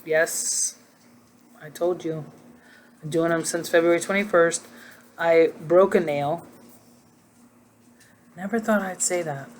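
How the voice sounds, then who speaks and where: A woman's voice: on the low side, steady tone, slow, long pauses, a little hiss or hum. A middle-aged woman chatting casually to her viewers from home, rambling from one tangent to the next. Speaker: vlogger. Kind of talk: casual chat to camera.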